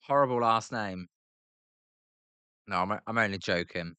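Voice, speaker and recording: A British man calls a baseball game live for his viewers and drifts into loose chat between pitches, trailing off and restarting as he goes. His voice sits low and comes across smooth and clear. The sound is close and dry, with almost no room around it. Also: measured pace, bright, forceful tone, no room sound. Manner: chatty, rambling, frequent fillers and restarts. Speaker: host of a live baseball reaction stream.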